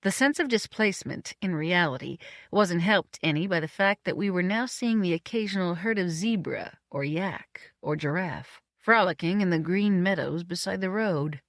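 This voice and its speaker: A woman narrating an audiobook in a measured, dryly witty way. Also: on the low side, expressive, no echo, studio quality. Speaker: audiobook reader. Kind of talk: scripted storybook narration.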